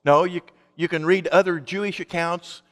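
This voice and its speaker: A man's voice: high-pitched, steady tone, moderate pace, in a large hall. A male pastor preaching a sermon in an emphatic, conversational way, asking his congregation rhetorical questions.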